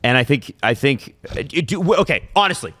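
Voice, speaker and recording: A man's voice: mid-range voice, very animated, fairly quick, pushed and bright, dry recording. A man co-hosting a podcast, talking sports in a casual, emphatic, opinionated way.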